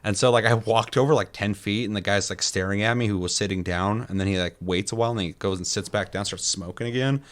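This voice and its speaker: A man's voice: lowish voice, fast talker, few pauses. A man co-hosting a casual gaming podcast, telling game stories with lots of swearing and laughter. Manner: animated storytelling, heavy swearing, laughs often. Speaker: podcast co-host.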